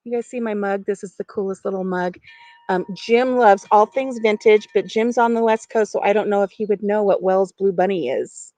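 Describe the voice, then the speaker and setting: A woman's voice: medium pitch, moderate pace, few pauses, dark tone, dry recording. A middle-aged woman chatting casually on a live stream from outdoors on her farm porch, giggling and talking to viewers by name.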